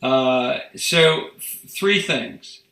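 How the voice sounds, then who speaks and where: Bright-voiced man teasing in an echoey room. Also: mid-range voice, drawn-out words. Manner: teasing, playful questioning. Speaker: interviewer. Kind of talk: casual interview conversation.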